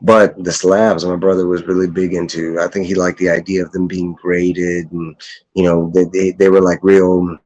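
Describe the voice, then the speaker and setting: Young guy, low voice, loose rambling vlog chat, profane, mimics others high. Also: level tone, normal speed, a little mellow, muffled recording. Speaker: comic collector vlogger. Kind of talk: casual chat.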